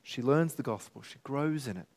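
A man's voice: mid-range voice, moderate pace, darkish tone. A man preaching from the pulpit in a mid-range voice. He speaks earnestly, with heartfelt emotion, and builds to emphatic peaks. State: tearful at times. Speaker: pastor. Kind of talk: sermon.

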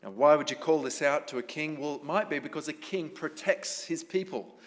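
A male pastor with a fairly high voice delivers a sermon in a relaxed, conversational manner. He keeps turning to the congregation with questions. A long reverb from the church hall trails each phrase. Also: moderate pace.

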